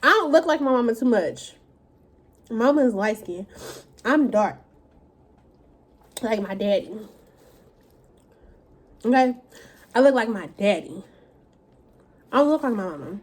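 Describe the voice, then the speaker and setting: A woman's voice: fairly high pitch, animated, unhurried, pauses often. A woman vlogger talking while she eats, in a blunt, profane, casual rant. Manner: talks while eating.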